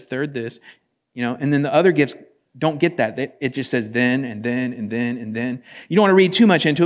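A man preaching a sermon in a conversational, animated way, often speaking in quoted voices. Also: long reverb tail. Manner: conversational, animated, acts out quotes with rising pitch. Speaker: pastor.

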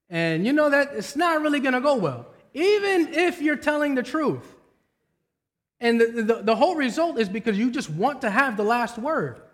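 Male pastor, 30s, high voice, conversational preaching full of personal stories. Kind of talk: sermon.

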